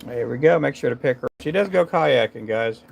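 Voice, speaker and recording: A man's voice: medium pitch, lively intonation, brisk, gravelly, background noise. A man hosting a casual live stream while tying fishing jigs, chatting loosely with viewers in a rambling way full of fillers and restarts.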